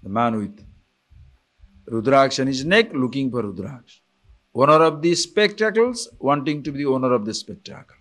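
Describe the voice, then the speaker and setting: A man's voice: medium pitch, expressive, normal speed, fairly bright tone. A man giving a scripture lecture as a spiritual teacher, telling stories full of rhetorical questions.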